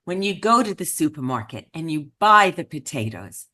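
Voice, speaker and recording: A woman voicing a grown daughter who gently and patiently questions her elderly mother. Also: low-pitched, sing-song, moderate pace, pitched below the performer's own voice, full character voice.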